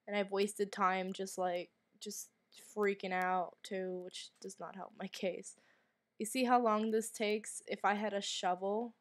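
Jumpy woman gamer, sick and coughing. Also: mid-range voice. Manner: jumpy, anxious, swearing, drops to whispers. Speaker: gamer streamer. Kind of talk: let's play commentary.

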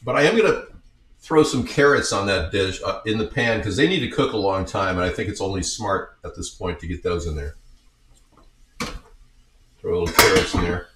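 A man's voice: low-pitched, normal speed, background noise. A man in a home kitchen talking through a recipe in a casual, rambling way with joking asides. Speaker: home cook showing a recipe. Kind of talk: casual cooking demonstration. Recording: echoey kitchen, mic at a distance.

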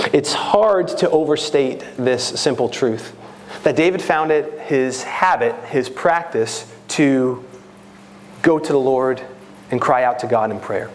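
A man's voice: medium pitch, a little hiss or hum. A man with a New York accent preaching a sermon as a pastor, earnest and rising to impassioned, prayerful pleading.

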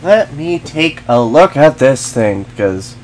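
His medium-pitched voice has big pitch swings, a slow pace and a darkish tone, with a little hiss or hum in the recording. During live gameplay he swears, sarcastically taunts enemies and chats with viewers.

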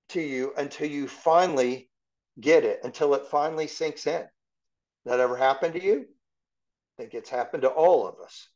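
A man's voice: on the high side, a little mellow, highs cut off. A man giving verse-by-verse Bible teaching in a conversational way, asking his class rhetorical questions.

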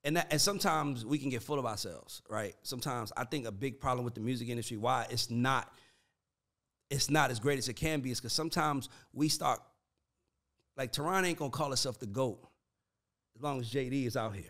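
A podcast host and manager of writers and producers chats casually in a brisk, mid-range voice. Expect lots of "like" and "dog" in his animated, profane, slangy storytelling.

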